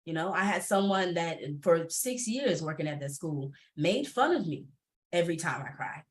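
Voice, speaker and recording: A woman speaking candidly on a panel over a video call, expressive and laughing often. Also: fairly low pitch, moderate pace.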